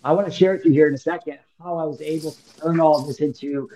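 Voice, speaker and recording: A man's voice: a little high, fairly even intonation, quick pace, warm tone, low-quality recording. A man in his thirties from Illinois, telling a personal story as a podcast guest in a casual, slangy, emphatic way, acting out the lines he quotes. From Illinois, United States.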